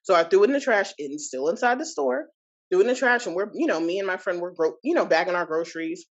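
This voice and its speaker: A woman's voice: on the low side, fast talker, muffled recording. Woman in her thirties telling her story. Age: 30s. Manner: animated, indignant retelling with many asides. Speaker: podcast guest. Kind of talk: personal storytelling.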